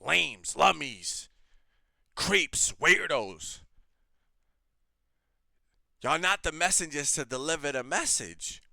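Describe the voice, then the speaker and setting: A man's voice: fairly high pitch, animated, takes it slowly, creaky, pauses often, pushed and bright, no room sound. A man hosting a reaction show, ranting in blunt, heated, profane commentary.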